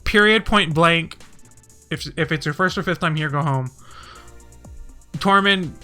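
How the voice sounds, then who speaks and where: A man streaming casually, rambling and swearing, and getting heated and animated as he talks. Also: fairly high pitch, normal speed. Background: faint music.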